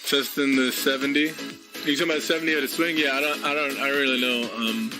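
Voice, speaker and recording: A man's voice: mid-range voice, fairly even intonation, fast. Chatty streamer man over guitar music. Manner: chatty, laughing, reads viewer comments aloud. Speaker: trading streamer. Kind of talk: casual live-stream chat. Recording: guitar music playing clearly behind.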